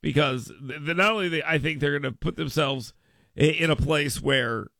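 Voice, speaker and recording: A man hosting talk radio from a studio, his voice bright and gravelly. He talks in an animated way, switching into higher mocking voices to quote people. The sound is dry and close to the mic. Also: moderate pace, no room sound. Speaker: radio talk show host. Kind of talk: political talk radio monologue.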